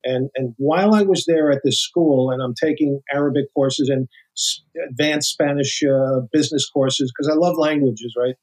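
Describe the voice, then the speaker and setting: On poor audio, an older American man who used to be an FBI agent recounts anecdotes as an interview guest, his voice medium-pitched at normal speed. He's animated, acts out quoted voices, and often starts over.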